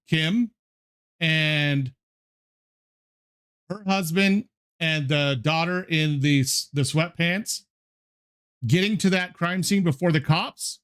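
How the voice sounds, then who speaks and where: Male streamer, slightly high-pitched, loose rambling live commentary. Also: a bit bright, clear, resonant tone. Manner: rambling, halting, full of restarts.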